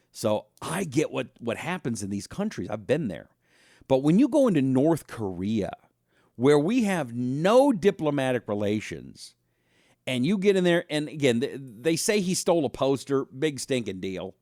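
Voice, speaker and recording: A man hosting a talk show, delivering a casual monologue as an animated storyteller who speaks straight to his audience. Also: mid-range voice, moderate pace, no room sound, studio quality. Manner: animated storyteller, acts out voices, talks directly to the audience.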